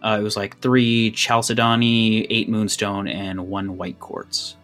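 A man's voice: on the low side, little pitch movement, measured pace, a bit bright, soft background music. A man acting as game master, narrating a tabletop game in tense second person, then explaining rules casually.

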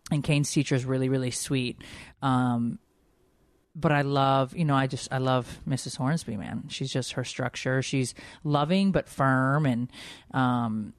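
A woman's voice: a bass voice, no room sound, studio quality. A woman in her forties from Connecticut hosting a podcast in a rambling, emotional, casual chat. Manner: chatty, rambling, emotional, many fillers. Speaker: podcast host.

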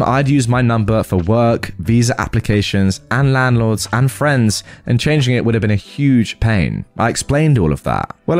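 A man's voice: medium pitch, a little mellow. A man hosting a storytime podcast, reading out online stories and adding incredulous commentary between them.

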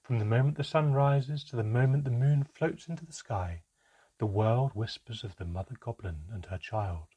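A man voicing a calm, aloof female elf in an audiobook, speaking in a measured way with deliberate pauses and a husky voice. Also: mid-range voice, close to an everyday voice. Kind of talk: audiobook character reading.

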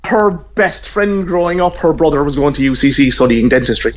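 A man's voice: on the high side, lively intonation, brisk. Middle-aged cork irish guy chatting, dull lo-fi line, easy storytelling. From Ireland. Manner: chatty, laughs while telling stories. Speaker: guest. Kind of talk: casual phone interview.

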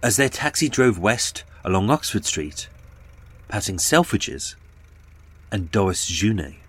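A man's voice: on the low side, big pitch swings, measured pace, a bit bright, husky. A man giving dramatic scripted true-crime narration and dwelling on detail.

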